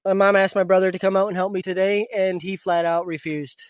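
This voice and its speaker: A man vlogging at an outdoor camp in the woods, talking casually to the camera. He gets emotional and uses a soft voice with his pets. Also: sits high, little pitch movement, a little fast, no echo, clean studio sound. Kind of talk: casual vlog talk to camera.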